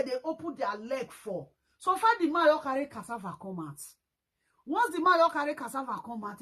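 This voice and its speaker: A woman with a Nigerian accent ranting in a commentary vlog, scolding and mocking, with sudden loud high outbursts. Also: breathy edge, low-quality recording. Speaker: social media commentator.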